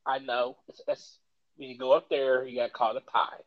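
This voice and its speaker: A man from Kentucky, hosting a casual podcast and telling stories in an animated way, laughing often. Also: medium pitch, brisk, muffled recording. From Kentucky, US South. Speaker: podcast host. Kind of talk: casual chat.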